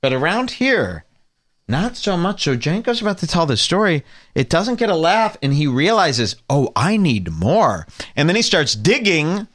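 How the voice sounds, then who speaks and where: Man, host, sarcastic commentary, bright tone, lively pitch. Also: normal speed. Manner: sarcastic, scoffing, animated. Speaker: podcast host reacting to a clip. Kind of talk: mocking commentary over a played clip.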